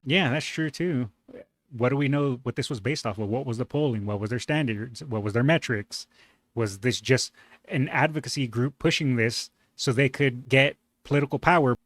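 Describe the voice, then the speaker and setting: A man's voice: mid-range voice, moderate pace, a bit bright, dry recording. Give me a sarcastic, indignant man hosting a reaction video, dry close recording. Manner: sarcastic, indignant, many rhetorical questions. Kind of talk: casual commentary reacting to a video.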